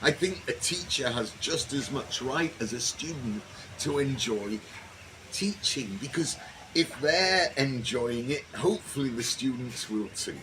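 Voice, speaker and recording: A man and former teacher reminiscing about his teaching years in a relaxed, anecdotal way. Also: mid-range voice, measured pace. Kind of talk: reminiscing monologue. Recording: noisy background.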